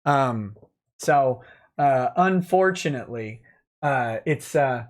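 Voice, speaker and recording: A man's voice: medium pitch, expressive, slow. Man, livestream host, sardonic mocking commentary, chatty with lots of fillers.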